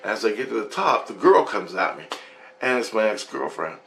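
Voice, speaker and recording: A man with a fairly low voice telling a dream story on his vlog. He rambles, restarts and gets excited, peppering it with swearing. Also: moderate pace, gravelly, a little hiss or hum. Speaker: vlogger.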